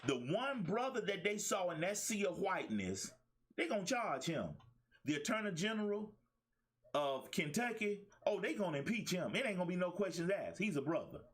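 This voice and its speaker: Man, talk show host, life coach, preachy monologue, emphatic repetition, lively pitch. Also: moderate pace. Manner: preachy, emphatic, repeats phrases; colloquial, casual speech.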